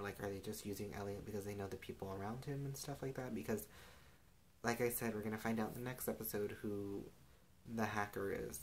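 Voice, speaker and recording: A young man casually recapping a TV episode, rambling and filling every pause with "like" and "and stuff.". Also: lowish voice, a little hiss or hum, poor audio. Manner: rambling, heavy use of "like" and "and stuff".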